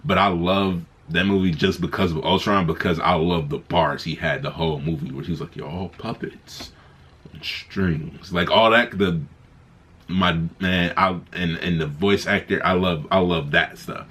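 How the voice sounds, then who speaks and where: A man giving a casual spoken movie review, excited and rambling, often restarting his sentences. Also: low-pitched, moderate pace, husky.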